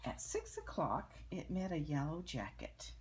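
An older woman reading a picture book aloud to children, gently pointing out the pictures and explaining them as she goes. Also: low-pitched, huge pitch swings, unhurried, slightly rough.

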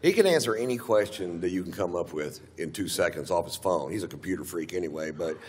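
A man's voice: sits low, lively intonation, quick pace, a little mellow, slightly rough. Crude middle-aged Texan stand-up man. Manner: crude, rambling storytelling with acted-out quotes. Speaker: stand-up comedian. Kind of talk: stand-up comedy routine. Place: large theater stage. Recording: live theater with long reverb, faint hum.

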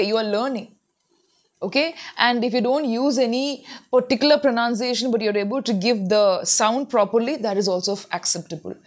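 A woman giving earnest advice in a spoken lesson, repeating words to model how they sound. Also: fairly high pitch. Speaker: English tutor. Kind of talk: spoken English lesson to camera.

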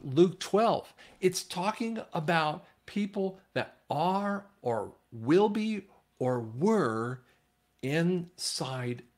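Man, lively pitch, slightly high voice, casual Bible teaching, rambling, restarts. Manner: retells scripture in casual voices.

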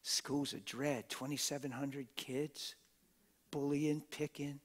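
A middle-aged man preaching a sermon in a church auditorium on a stage microphone, talking plainly and swinging from hushed whispers to loud shouts. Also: on the high side, little pitch movement, slow pace. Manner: plain-spoken, street-style talk.

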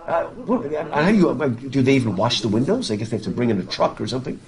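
A man's voice: mid-range voice, big pitch swings, quick pace, crowd noise. A male literature professor lecturing in a casual, digressive way, often restarting his phrases while talking through a face mask. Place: university classroom. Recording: classroom with students audible. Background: students in the room.

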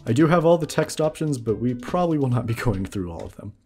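A man's voice: medium pitch, lively intonation, fast, mellow, faint music behind. A man giving casual let's-play commentary, chuckling and explaining as he plays. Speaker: gamer.

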